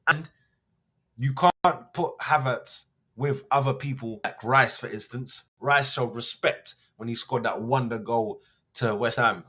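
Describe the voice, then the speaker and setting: A man's voice: medium pitch, measured pace, pushed and bright, breathy edge. A man hosts a show, reading a news piece aloud and then ranting in a heated, slangy, mocking way. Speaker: host.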